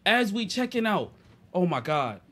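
A young man, a podcast co-host, telling a casual, profane story and swinging between loud and quiet. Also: high voice, very animated, normal speed, noisy background. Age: young adult.

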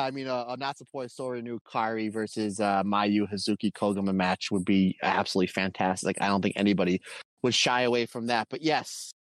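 A man co-hosting a wrestling podcast, chatting casually and retelling events in an animated way with asides to listeners. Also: medium pitch, no echo. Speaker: podcast co-host.

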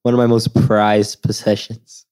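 A young man who grew up in Sweden, a podcast guest telling lively anecdotes in casual chat and acting out the voices of the people in them. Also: lowish voice, a little slow, clean tone. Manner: animated storyteller, acts out voices in quoted lines. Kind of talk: casual storytelling.

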